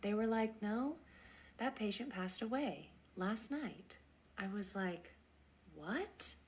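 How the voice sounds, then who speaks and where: Animated woman nurse telling a story. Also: slow. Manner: animated, acts out quoted dialogue with big pitch jumps. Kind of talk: casual storytelling.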